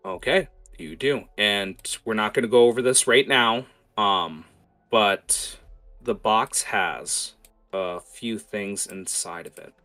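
A man narrating as game master of a tabletop game, quick and hesitant, with many fillers. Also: lowish voice, bright, forceful tone.

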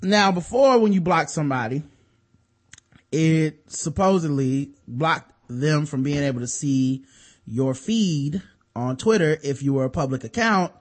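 Chatty man with a slightly high voice. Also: unhurried. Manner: loose, profane, explaining with restarts. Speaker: podcast co-host. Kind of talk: casual chat.

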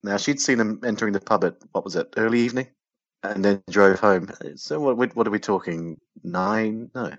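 Low husky guy on a podcast, trivia-minded, dull muffled mic. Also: no echo. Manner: chatty, trivia-minded, quick asides. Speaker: podcast co-host. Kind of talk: casual chat about old British TV.

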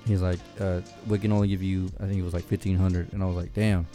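A man with a lowish voice tells a rambling, profane story to friends. He laughs often and gets loud and high when worked up. Faint music plays underneath. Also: little pitch movement, fast. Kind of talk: casual storytelling chat.

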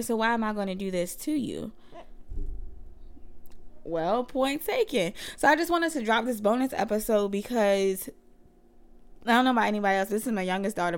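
A woman of about thirty hosting a faith podcast, chatting casually and using slang as she talks straight to her listeners. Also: mid-range voice. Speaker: podcast host and mother.

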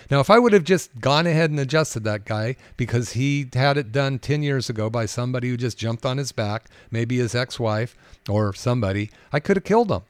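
Man, doctor, casual storytelling, conversational, mid pitch, dry recording. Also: no echo. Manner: conversational, anecdotal, with frequent fillers and restarts. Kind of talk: casual podcast talk, telling patient stories.

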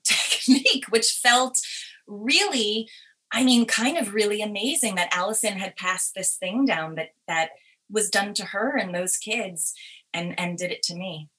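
A woman's voice: medium pitch, a little slow. A woman guest, an actress, telling stories animatedly with frequent restarts and ready laughter. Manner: expressive, restarts often, laughs readily. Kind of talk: animated conversational storytelling.

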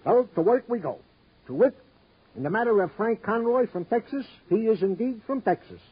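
An actor playing a good-natured police sergeant in a 1950s radio drama, chummy, with wordy, mock-formal phrasing and a slightly hoarse voice. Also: male voice, high voice, expressive, normal speed, full character voice. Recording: dull old radio broadcast recording.

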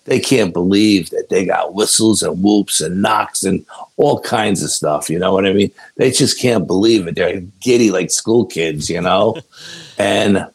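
Male podcast guest, low gravelly storyteller who keeps saying "you know". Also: unhurried. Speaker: guest investigator. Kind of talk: casual storytelling interview.

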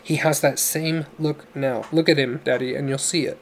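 A man's voice: medium pitch, fairly even intonation, moderate pace, slight background noise, close to an everyday voice. A man voicing a steadfast young woman who speaks earnestly and pleadingly.

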